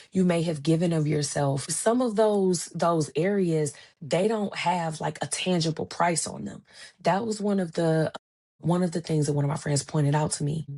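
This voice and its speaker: A woman in her thirties hosting a solo podcast, talking casually and telling stories by acting out the voices of the people in them. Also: fairly low pitch. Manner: animated storytelling, acts out quoted dialogue; conversational, colloquial phrasing. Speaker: podcast host.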